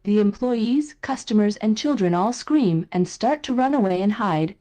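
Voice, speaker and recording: A woman narrating the events of a text adventure in an even storybook manner. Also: mid-range voice, moderate pace, raised voice. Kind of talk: scripted narration.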